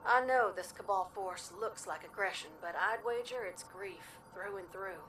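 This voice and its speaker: A woman's voice: medium pitch, moderate pace, a bit bright, slight background noise, close to an everyday voice. An actress voicing a folksy female pilot with a sweet Southern US drawl, easygoing and frank, in a video game. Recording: game audio with music, heard from a distance.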